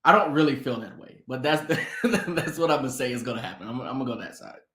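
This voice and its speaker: Lively, playful man in an echoey room. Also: medium pitch, fast talker. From Atlanta. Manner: playful, riffs on jokes, laughs easily. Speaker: co-host. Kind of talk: casual sports talk.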